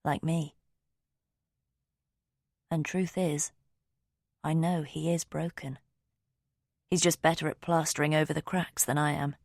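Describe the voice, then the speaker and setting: A woman narrating a novel in the first person, measured and intimate. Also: deep voice, level tone, creaky, no room sound, clean studio sound. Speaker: audiobook narrator.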